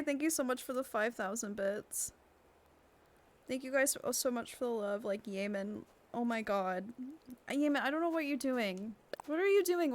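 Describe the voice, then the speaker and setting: A woman streaming a game, chatting casually and gushing over her viewers, teary and emotional. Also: on the high side. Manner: gushing, excitable, laughs often. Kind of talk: casual live-stream chat.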